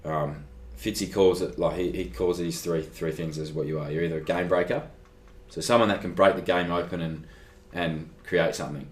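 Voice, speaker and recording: A man's voice: low-pitched, normal speed, hardly any pauses. A young Australian man, a guest athlete, telling a personal story in a casual interview, acting out conversations and saying "like" a lot. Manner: animated, acts out conversations, frequent "like". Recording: echoey room.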